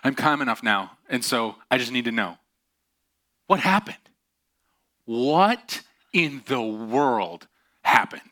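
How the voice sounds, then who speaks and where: A man voicing a stern, worried father who questions his son, speaking in an insistent, deliberate way. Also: mid-range voice, very animated, bright, forceful tone, exaggerated voice.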